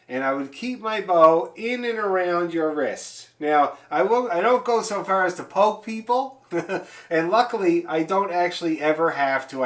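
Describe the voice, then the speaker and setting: Chatty man teaching fiddle online. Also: a little high. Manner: encouraging, chatty, explains with demonstrations. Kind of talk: online music lesson. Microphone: video call.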